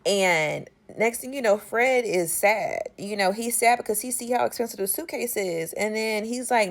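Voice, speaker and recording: A woman, casually recapping a movie in a sassy, animated way. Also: fairly high pitch, normal speed. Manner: sassy, animated storytelling with slang.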